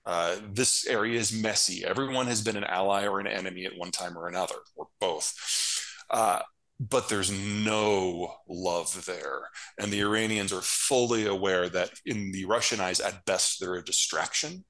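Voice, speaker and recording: A man's voice: low-pitched, fairly even intonation, normal speed, a bit bright, poor audio. A man, a geopolitical strategist being interviewed, explaining world affairs in a blunt, emphatic, matter-of-fact way. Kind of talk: casual analytical interview talk.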